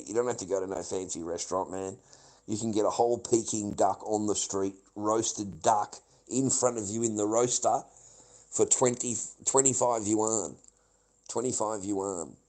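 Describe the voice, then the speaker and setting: A man's voice: lowish voice, darkish tone, rough recording. A middle-aged man, giving a rambling, bitter and heavily profane livestream monologue that loops back on the same points.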